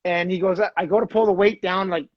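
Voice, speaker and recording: Podcast host from Canada, lively anecdote style, fairly high voice, dull dry audio. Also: male voice, fast talker, no echo. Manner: animated storyteller, acts out quoted voices. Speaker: podcast host, former hockey player. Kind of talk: casual storytelling chat.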